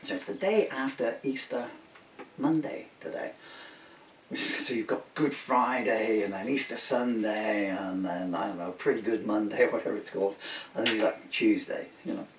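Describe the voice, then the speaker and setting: A man's voice: lowish voice, normal speed. A man from the UK, a singer-songwriter, rambling in a casual joking monologue at home. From United Kingdom. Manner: joking, chuckling, digressive. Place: home room. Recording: roomy, distant mic, faint hiss.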